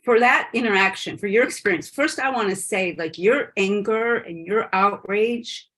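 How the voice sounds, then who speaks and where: A woman's voice: mid-range voice, normal speed, a bit bright. A woman rabbi leading an online spiritual session, speaking in an earnest, impassioned way with frequent "like" fillers. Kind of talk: spiritual teaching talk.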